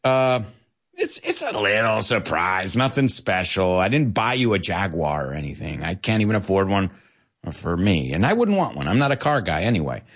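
A man hosting an English lesson in a chatty, lively way, dropping Spanish words in between and laughing often. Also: deep voice, normal speed. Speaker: English teacher and show host. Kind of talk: live online English lesson.

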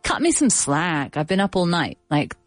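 Lively, playful woman co-host. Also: fairly low pitch, normal speed, dry recording, soft background music. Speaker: podcast co-host teaching English. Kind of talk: casual bilingual chat.

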